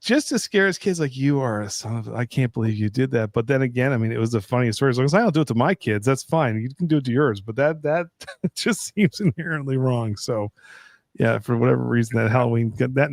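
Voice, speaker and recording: A man's voice: mid-range voice, animated, fast, dry recording, clean studio sound. A middle-aged man co-hosting a live stream, telling a long story in a loose, rambling casual chat style, often restarting his sentences.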